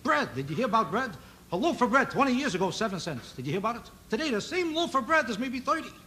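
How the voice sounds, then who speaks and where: A man doing a stand-up routine on a TV variety show, needling an audience member with quick rhetorical questions. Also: very high voice, very animated. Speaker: stand-up comedian. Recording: loud noise on an old TV broadcast recording.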